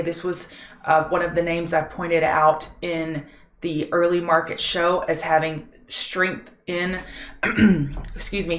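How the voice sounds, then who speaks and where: Female host, low-ish voice, brisk and matter-of-fact, roomy echo. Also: fairly bright tone. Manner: brisk, matter-of-fact, full of trading jargon. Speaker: trading show host. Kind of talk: daily market recap.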